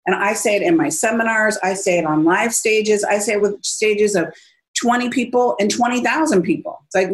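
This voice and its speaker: A woman on a podcast giving energetic sales advice and acting out quotes as she tells stories. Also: mid-range voice, fairly quick, poor audio. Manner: energetic, animated storytelling with acted-out quotes. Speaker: business speaker and author. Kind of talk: casual podcast interview.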